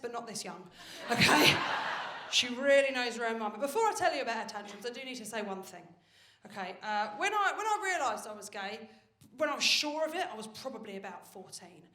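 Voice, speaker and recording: A woman performs stand-up on a live stage, with a bright, high voice and a brash, animated, foul-mouthed storytelling style. She is picked up on a handheld mic in a roomy venue, with faint noise and audience laughter behind her. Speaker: stand-up comedian. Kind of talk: stand-up comedy set.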